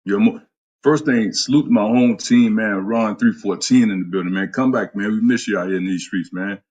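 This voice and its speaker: A fitness trainer on a casual stream addresses his viewers in a lowish, husky, slightly mellow voice at a brisk pace. Blunt and profane, he trash-talks his audience about getting in shape, pausing now and then to greet people by name.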